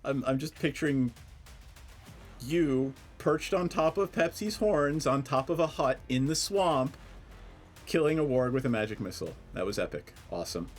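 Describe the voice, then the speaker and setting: A man's voice: medium pitch, normal speed, soft background music. A man running a tabletop game as game master, narrating scenes with a wry, amused manner. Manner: wry, laughs easily, animated delivery.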